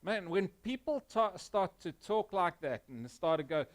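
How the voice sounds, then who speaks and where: A man with a South African accent preaching a sermon in church, emphatic and earnest, dropping to quiet, intense moments. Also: sits high, animated, unhurried, few pauses. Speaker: pastor.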